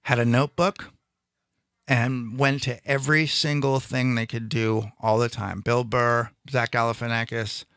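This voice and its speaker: A man speaking at a middle pitch in loose, rambling conversation, stopping and restarting his thoughts as he goes. The sound is dry and close, with no room echo. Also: level tone, a little slow, fairly bright tone, clean tone. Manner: rambling, self-interrupting, frequent restarts. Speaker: stand-up comedian guest. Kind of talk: casual chat.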